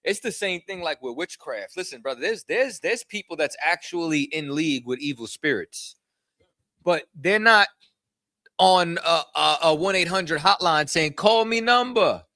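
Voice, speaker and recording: A man's voice: fairly high pitch, expressive, normal speed, bright, forceful tone, no room sound, clean studio sound. A man leading a scripture study, speaking in casual street slang and often asking "you know what I'm saying". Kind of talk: casual teaching.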